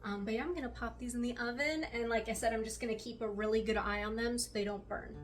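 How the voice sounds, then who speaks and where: A woman's voice: fairly high pitch, fairly even intonation, fast talker, faint music behind. A woman vlogger chatting casually to camera while baking in her home kitchen, rambling and laughing often.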